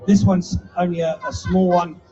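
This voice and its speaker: Male live-show presenter, high voice, playful crowd patter, off-mic and dull with music behind. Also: level tone, moderate pace, distant mic. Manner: chatty, teasing, playful showman. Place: live indoor show with audience.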